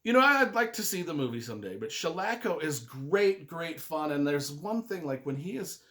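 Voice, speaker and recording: A man's voice: fairly high pitch, very animated, moderate pace, a bit bright. A man giving a casual spoken book review, retelling the plot in a chatty, enthusiastic way. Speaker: book reviewer and writing adviser.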